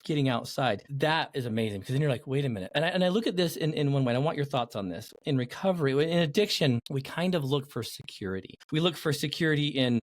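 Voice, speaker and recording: Animated male podcast host, dry sound. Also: fairly high pitch, quick pace, hardly any pauses, dry recording. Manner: animated storyteller who acts out quoted voices. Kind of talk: podcast interview.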